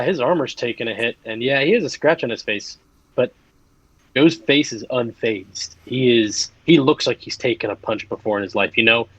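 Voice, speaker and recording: A man's voice: medium pitch, fairly bright tone, no room sound, lo-fi sound. Rambling young man running a tabletop game. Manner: rambling, many fillers and restarts. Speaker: game master. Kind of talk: casual game narration.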